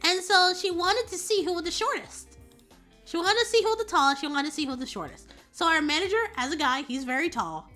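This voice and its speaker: A woman streamer chatting casually and telling a story in an animated, rambling way. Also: very high voice, brisk, faint music behind. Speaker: VTuber streamer.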